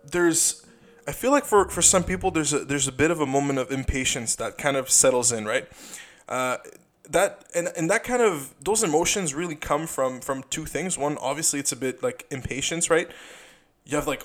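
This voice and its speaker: A man's voice: fairly high pitch, lively intonation, normal speed, fairly bright tone, soft background music. Rambling young man, casual podcast talk. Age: young adult. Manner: rambling, full of fillers and repeated "you know", swears freely. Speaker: podcast host. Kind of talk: casual solo podcast monologue.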